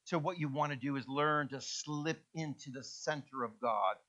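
A male pastor preaching a sermon, animated, acting out voices and dropping to soft, low tones. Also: moderate pace. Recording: dull lo-fi sound.

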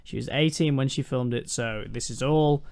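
A man's voice: mid-range voice, moderate pace, creaky, a little mellow. Sweary guy ranting about a film. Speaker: podcast co-host. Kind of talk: casual film rant.

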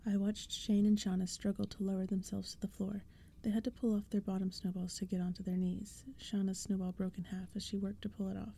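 Whispered role-play narrator: woman, dark gravelly hush. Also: medium pitch, level tone, brisk. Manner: soft-spoken, hushed reading. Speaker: ASMR storyteller.

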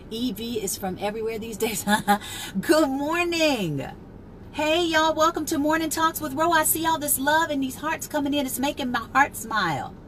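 High-voiced, chatty woman life coach. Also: a bit bright, slight background noise. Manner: chatty, greets viewers by name, laughs often; turns slow and emphatic when teaching. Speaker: life coach and live-stream host. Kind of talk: casual live-stream chat.

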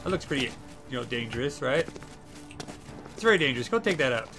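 A man's voice: mid-range voice, big pitch swings, quick pace, music in the background. Young guy streaming a game, goofy and giggly, chatting to the npcs. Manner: playful, giggly, talks to the game characters. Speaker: livestreamer. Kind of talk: casual gameplay commentary.

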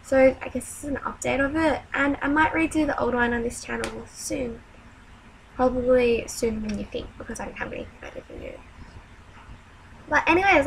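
A woman's voice: high voice, fairly bright tone, a little hiss or hum, rough recording. A young Australian woman from Sydney vlogging casually, self-mocking and chatty as she reads a word list aloud. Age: young adult. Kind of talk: casual vlog chat.

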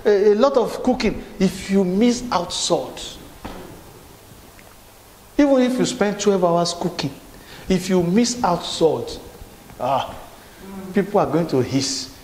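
Male pastor, high voice, repetitive call-and-response preaching, roomy church reverb. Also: lively intonation, unhurried, long pauses, darkish tone. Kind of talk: sermon. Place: church hall. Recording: echoey hall with faint room noise.

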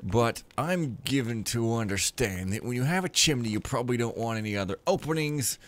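Sarcastic rambling male gamer, lowish voice. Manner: sarcastic, rambling, deadpan jokes. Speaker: let's play gamer. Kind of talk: casual gameplay commentary.

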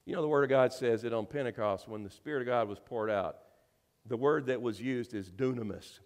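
A male minister delivering a sermon, swinging between hushed, tender passages and loud, emphatic peaks, often calling out questions to the congregation. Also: medium pitch, a little fast, long reverb tail.

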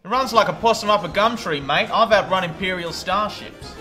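A man's voice: high voice, a little fast, bright, forceful tone. A man doing a brash Aussie smuggler captain. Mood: cocky. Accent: broad Australian. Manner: cocky, swaggering, full of slang. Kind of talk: comedy parody dub. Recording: music behind the voice.

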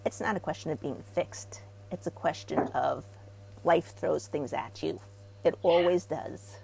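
A middle-aged woman from Israel, a therapy practitioner talking as an interview guest. She tells stories with animation and gets loud when she acts out what people say. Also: low-pitched, a little slow, creaky, slight background noise, rough recording. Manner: animated storyteller, rising loud when acting out quotes. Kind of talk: casual interview talk.

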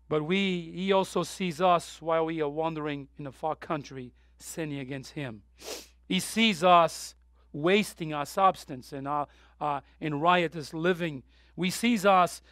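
A man preaching an emotional sermon in a high, gravelly voice. He swings from hushed, near-tearful lines to loud, urgent pleas. The sound is dry and close. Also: no room sound. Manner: impassioned, swings from soft to loud. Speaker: pastor.

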